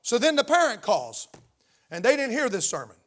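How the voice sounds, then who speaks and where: An older male pastor preaching to his congregation in church. He speaks in a fairly high voice and keeps throwing questions out to the room, stressing his points. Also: big pitch swings, moderate pace, a bit bright. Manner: emphatic, call-and-response questions to the congregation. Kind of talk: sermon. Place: church sanctuary.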